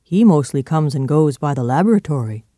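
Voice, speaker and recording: A man's voice: on the high side, expressive, a little fast, mellow, dry recording, clean studio sound, lightly acted. A man reading aloud and voicing a stern male butler who speaks formally and respectfully.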